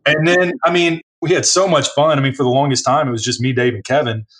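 Animated storytelling male distiller. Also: mid-range voice, fast. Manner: animated storyteller, acts out other people's lines. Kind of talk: conversational storytelling.

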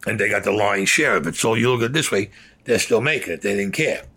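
A man's voice: fairly low pitch, lively intonation, fast, sharp tone, husky. An older man in an interview, telling a long story bluntly, swearing constantly and acting out what others said. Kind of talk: profane storytelling.

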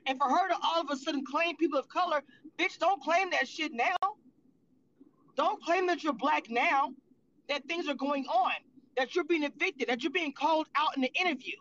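A woman's voice: high voice, moderate pace, fairly bright tone, highs cut off, a little hiss or hum. A woman commentating on reality TV in a livestream reaction, blunt, profane and heated.

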